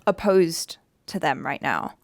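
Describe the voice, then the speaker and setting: A woman's voice: sits low, expressive, takes it slowly, dry recording. A woman co-hosting a reaction channel, chatting casually in an earnest, thoughtful way. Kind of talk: casual chat.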